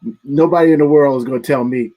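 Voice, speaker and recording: A man's voice: medium pitch, fast talker, warm tone. A man co-hosting a sports podcast, earnestly laying out his argument step by step in casual chat. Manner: earnest, lays out a case step by step.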